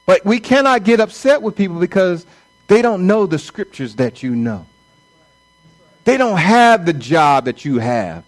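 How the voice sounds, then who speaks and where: A man's voice: high voice, big pitch swings, unhurried, rough recording. A middle-aged man, a pastor, preaching a conversational sermon and acting out quoted voices.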